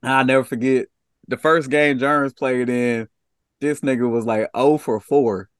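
A man's voice: mid-range voice, steady tone, measured pace, clean tone, dry recording, studio quality. A man co-hosting a podcast, telling stories in a laid-back, joking way. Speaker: podcast co-host. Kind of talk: casual chat.

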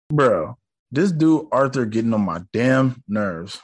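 A man casually recapping a TV episode, excitable and profane, acting out scenes in slangy speech. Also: medium pitch, slow pace, husky. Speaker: TV episode reactor.

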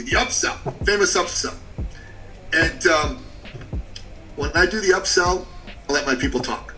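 Bright, forceful man telling a story. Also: on the high side, distant mic, rough recording. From Canada. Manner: animated storyteller, short punchy phrases, drops to a hushed tone for emotional parts. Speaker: business coach and podcast guest. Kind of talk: storytelling on a podcast.

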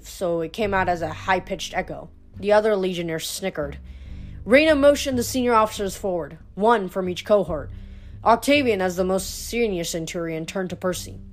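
A woman's voice: mid-range voice, animated, moderate pace, soft background music. A woman reading a novel aloud, unpolished, with frequent slips and restarted words. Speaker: audiobook reader.

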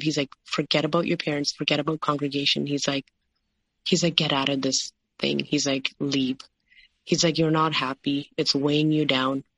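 A woman's voice: deep voice, fairly bright tone, no room sound. A woman telling her personal story as an interview guest, full of fillers and quoted dialogue. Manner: recounting with many "like" and "you know" fillers, quoting others.

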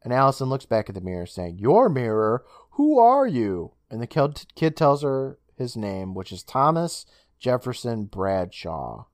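A man co-hosting a casual podcast, retelling a TV episode scene by scene with swearing and quick character imitations. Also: mid-range voice, dry recording, studio quality. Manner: animated, swears, mimics characters while recapping. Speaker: podcast co-host recapping an episode.

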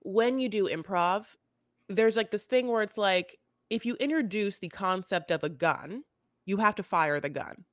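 A woman's voice: medium pitch, moderate pace, no echo, studio quality. Rambling woman retelling a show. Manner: rambling, filler-heavy, animated retelling. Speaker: podcast co-host. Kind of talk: casual chat recapping a reality show.

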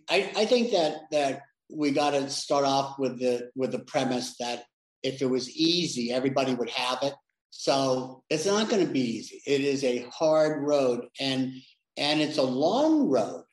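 A man being interviewed, talking reflectively with many restarts. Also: medium pitch. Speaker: interview guest, sales leader. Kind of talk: conversational interview. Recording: echoey room.

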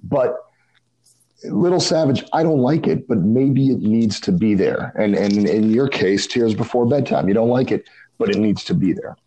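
A man's voice: lowish voice, mellow, poor audio. A man co-hosting a casual music podcast, talking thoughtfully with many restarts. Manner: thoughtful, halting, with frequent restarts. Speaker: podcast co-host.

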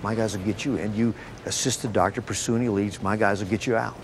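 An actor playing a blunt, commanding military officer in a film clip. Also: male voice, fairly even intonation, quick pace, close to an everyday voice. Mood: persuading. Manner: blunt, commanding, matter-of-fact. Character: stern male military commander, middle-aged. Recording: film clip with loud background rumble.

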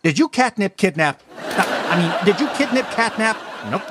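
A man's voice: high voice, animated, unhurried, very noisy. A man acting in a sitcom, talking in quirky, mangled English idioms. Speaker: lead of a comedy series.

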